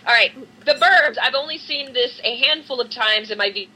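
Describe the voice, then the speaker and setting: A woman co-hosting a podcast in loose, casual chat, laughing easily as she reads out listener mail. Her voice is bright and a little husky, pitched slightly high. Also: moderate pace, low-quality recording. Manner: chatty, laughs often. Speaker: podcast co-host.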